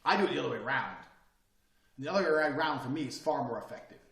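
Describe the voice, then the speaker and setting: A man giving a blunt, profane motivational talk, often dropping from loud to quiet. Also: mid-range voice, expressive, quick pace, creaky, roomy sound, far from the mic. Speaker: speaker giving advice.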